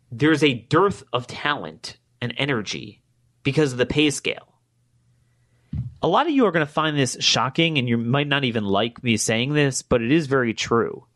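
Bright-voiced man giving an emphatic political monologue. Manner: emphatic, rising in pitch when indignant; acts out both sides of conversations. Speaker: podcast host.

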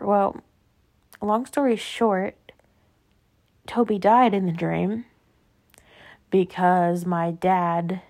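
A young adult woman with a medium-pitched, darkish voice hosts her own podcast in a casual solo chat. She rambles through stories, drifting into tangents and saying "like" a lot.

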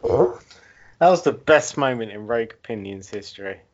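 A man's voice: fairly low pitch, animated, normal speed, muffled recording. A man ranting and joking in casual podcast banter, swearing often and laughing a lot. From England. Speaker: podcast co-host.

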